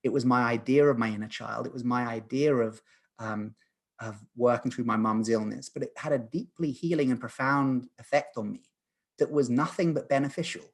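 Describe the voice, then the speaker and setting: A man in his thirties, a podcast guest, telling a personal story in an earnest, animated way with frequent restarts. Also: medium pitch, normal speed. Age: 30s. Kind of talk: storytelling in conversation.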